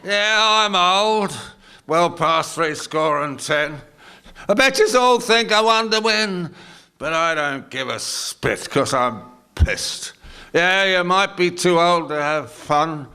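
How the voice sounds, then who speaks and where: A man's voice: on the high side, expressive, slow, smooth, full character voice. An older man with an Australian accent playing a belligerent, drunk male larrikin in his seventies, heckling crudely in a performance poem. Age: 70s. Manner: slurred, abusive, shouty heckling. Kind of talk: performance poetry monologue.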